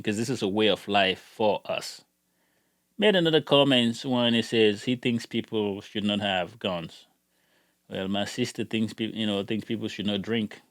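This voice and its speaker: A man's voice: lowish voice, no echo. Middle-aged male YouTuber, heated rambling rant, dry close sound. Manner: heated, rambling, repeats words when worked up. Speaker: gun channel YouTuber. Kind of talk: casual ranting vlog.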